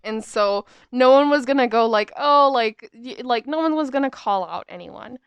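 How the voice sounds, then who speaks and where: A woman's voice: fairly high pitch, moderate pace, gravelly, smooth, dry recording, highs cut off. Young woman, podcast host, casual rambling storyteller, dry close sound. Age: young adult. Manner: rambling, chatty, lots of fillers.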